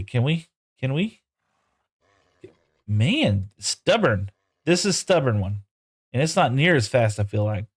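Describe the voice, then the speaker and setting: A man's voice: medium pitch, breathy edge. A man live-streaming a game, chatting casually with viewers and coaxing his in-game horses in playful broken talk.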